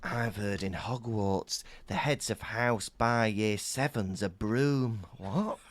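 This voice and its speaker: A man co-hosting a podcast in casual, playful comedic chat. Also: on the low side. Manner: playful, quick banter. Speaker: podcast co-host.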